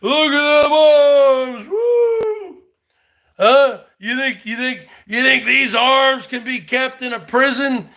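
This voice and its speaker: A man doing a high brash taunting loudmouth. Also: lively intonation, slow, heavily acted. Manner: taunting, repetitive, shouty bursts. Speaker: parody comedian. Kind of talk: comedic impression rant.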